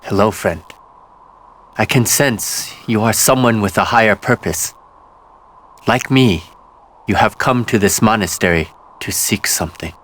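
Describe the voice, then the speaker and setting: An earnest male pilgrim from a video game, speaking calmly and gently in a low voice. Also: measured pace, long pauses. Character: calm male pilgrim at a monastery.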